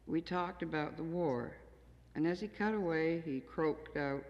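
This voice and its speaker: Gravelly older woman reading poems in a hall. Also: low voice, a little mellow. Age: 60s. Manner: plain, understated, measured reading. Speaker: poet reading her own work. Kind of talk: poetry reading to an audience. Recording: dull 1970s tape in an echoey hall.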